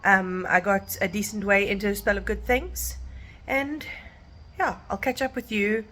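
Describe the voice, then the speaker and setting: A woman's voice: medium pitch, fairly even intonation, a little slow, bright, forceful tone. A woman from South Africa chatting casually to camera in a vlog, rambling with lots of fillers and restarts. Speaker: vlogger. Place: at home and outdoors in a park.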